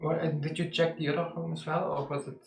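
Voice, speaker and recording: A man's voice: a little high, level tone, fast talker, vocal fry, slight background noise. A man playing a tabletop game, speaking tentatively and trailing off. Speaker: player. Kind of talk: tabletop role-play. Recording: roomy echo.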